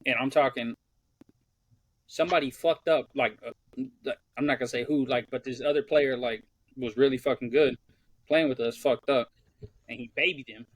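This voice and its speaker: A man's voice: medium pitch, no room sound. A young man co-hosting a podcast, telling profane stories in casual chat and acting out what people said. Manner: profane, animated storyteller acting out quotes. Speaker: podcast co-host.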